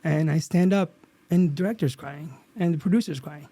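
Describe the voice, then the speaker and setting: A man guest on an interview podcast, telling a story from a set in an earnest, animated way with lots of restarts. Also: on the high side, a little fast, no echo. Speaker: actor guest.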